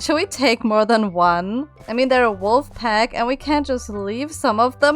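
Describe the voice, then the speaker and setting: A woman's voice: fairly high pitch, expressive, normal speed, soft background music. Playful young woman narrating her game. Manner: playful, chatty and self-mocking. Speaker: Minecraft YouTuber. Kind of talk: game voice-over commentary.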